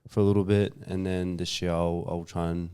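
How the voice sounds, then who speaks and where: A young Australian man in casual chat, speaking low-key and quietly and swearing casually. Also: flat delivery, a little fast, smooth.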